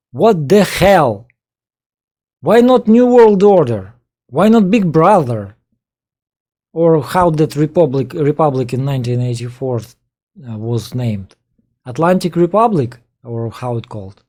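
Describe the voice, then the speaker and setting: Russian-accented man, native Russian speaker, exasperated commentator; slow, dark delivery, broken English. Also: on the high side. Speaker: political commentator. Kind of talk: reaction commentary on a played video.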